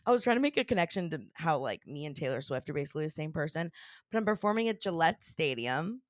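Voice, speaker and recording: Bubbly woman podcast host, lively voice. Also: sits low, quick pace, no echo, studio quality. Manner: bubbly, rambling, laughs often. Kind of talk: casual podcast chat.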